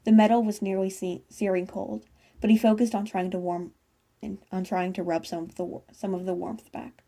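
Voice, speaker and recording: Gravelly-voiced woman reading fan fiction. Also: medium pitch, level tone, moderate pace, warm tone. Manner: casual, with stumbles and self-corrections. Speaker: fanfiction reader.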